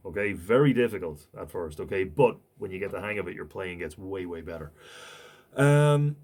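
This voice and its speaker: A man's voice: fairly low pitch, lively intonation, normal speed, a little mellow. A man teaching guitar, recapping a lesson patiently, counting beats aloud and scatting riffs over his playing. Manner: patient, repeats okay and right, counts and scats riffs. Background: guitar and metronome.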